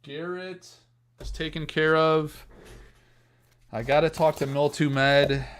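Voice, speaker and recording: A man hosting a live card-opening stream, chatting casually to his viewers, excitable and self-mocking. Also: on the high side, slow pace, clean tone. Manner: excitable, self-mocking, talks straight to chat.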